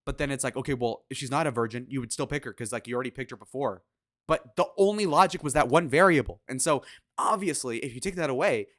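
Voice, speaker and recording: A man's voice: mid-range voice, a bit bright, dry recording, clean studio sound. A man giving casual political commentary in a crude, sarcastic, opinionated way, with swearing.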